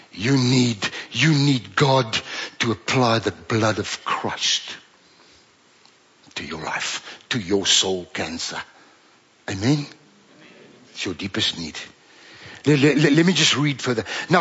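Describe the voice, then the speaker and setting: A male pastor with a South African accent preaching a sermon, moving between joking banter and quiet, drawn-out emphasis. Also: mid-range voice, very animated, breathy edge, muffled recording. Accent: South African English. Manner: swings from playful banter to hushed, slow emphasis.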